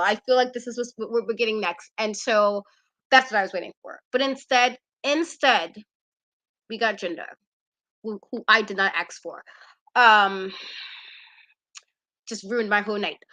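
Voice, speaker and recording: A woman co-hosting a wrestling aftershow, giving sassy, animated opinions in casual chat and repeating herself for emphasis. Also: on the high side.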